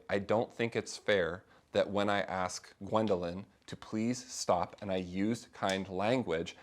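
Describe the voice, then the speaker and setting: A middle-aged man leading a faith discussion class, talking informally to a small group and acting out the people he quotes. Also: lowish voice. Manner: conversational, animated, acts out quoted voices.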